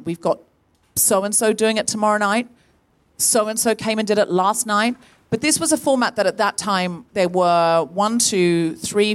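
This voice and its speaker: A woman hosting a live comedy podcast on stage, telling a story with lively energy and acting out the people she quotes. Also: medium pitch. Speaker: podcast host. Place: on stage in a tent before a live audience.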